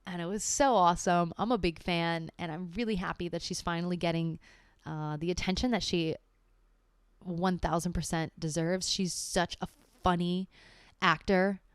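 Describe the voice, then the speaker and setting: Young woman streamer, casual rambling solo chat, low voice, swears and slips into whispers, dry close sound. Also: steady tone, moderate pace, clean tone, no room sound. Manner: rambling and chatty, swears freely, drifts into whispers. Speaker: livestream host reading a book aloud. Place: alone at home.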